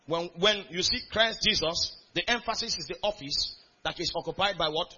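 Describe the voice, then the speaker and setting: A man's voice: high-pitched, moderate pace, few pauses, pushed and bright, breathy edge, highs cut off. A man preaching a sermon in a church hall, reading scripture aloud and calling out questions to the congregation. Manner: reads scripture aloud in a rising, building cadence. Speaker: pastor.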